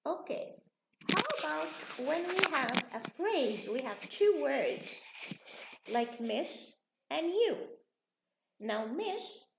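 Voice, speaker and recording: Woman, middle-aged, teacher, drilled example words, fairly high voice, animated intonation. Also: creaky, rough recording. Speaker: pronunciation teacher. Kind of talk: recorded video lesson.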